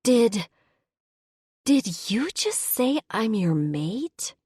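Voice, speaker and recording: A woman's voice: mid-range voice, lively intonation, slow pace, darkish tone, no room sound, studio quality. A woman voicing a hurt but hopeful young human heroine, talking in pleading, emotional lines. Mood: astonished.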